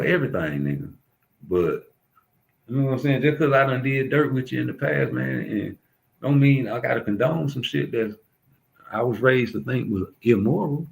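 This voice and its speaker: A man's voice: mid-range voice, animated, normal speed, vocal fry, low-quality recording. A young adult man, ranting bluntly and profanely in street slang as a commentator. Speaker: YouTube commentator. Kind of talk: casual ranting monologue.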